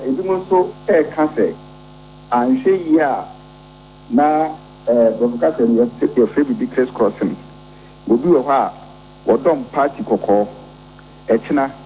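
A Ghanaian man answering an interview question in a measured, explanatory way, slipping in English terms and proverbs. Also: mid-range voice, dark tone, a little hiss or hum, poor audio. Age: adult with doctorate. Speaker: political commentator.

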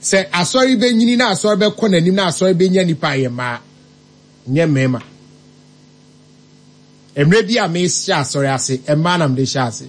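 Male commentator, Ghanaian accent, fairly high pitch, emphatic, code-switching. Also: lively intonation, unhurried, long pauses. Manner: emphatic, switches languages mid-sentence, big rises in pitch. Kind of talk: spoken commentary.

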